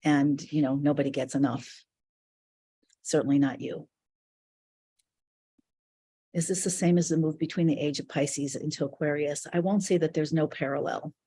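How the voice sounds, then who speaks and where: Mellow, husky woman teaching online. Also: deep voice, fairly even intonation, moderate pace, long pauses. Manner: earnest, reflective, speaks in loose flowing phrases. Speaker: spiritual teacher leading an online class. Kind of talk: live online teaching session.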